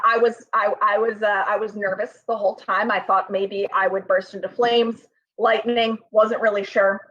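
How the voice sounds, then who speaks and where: A woman's voice: a little high, a bit bright. A young woman telling a funny personal story in a rambling, self-deprecating way, full of fillers. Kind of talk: comic storytelling. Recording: slightly dull, lo-fi sound.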